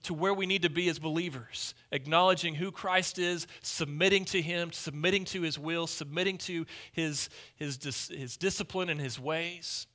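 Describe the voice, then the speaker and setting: Bright-voiced emphatic male preacher. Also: fairly high pitch, normal speed, hardly any pauses. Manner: emphatic, repetitive, swings between loud and hushed. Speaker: pastor. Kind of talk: sermon.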